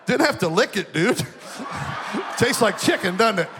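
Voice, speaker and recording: A man preaching a youth sermon, joking through personal stories and rising into shouted preaching before a live audience. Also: high voice, very animated, unhurried, in a large hall, a crowd in the background, background noise. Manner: jokey storytelling, building to shouted preaching. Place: large hall with an audience.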